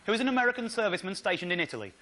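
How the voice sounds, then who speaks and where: A comedian on stage, telling an excitable, indignant comic story with slides. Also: male voice, high voice, very fast. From Britain. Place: theatre stage.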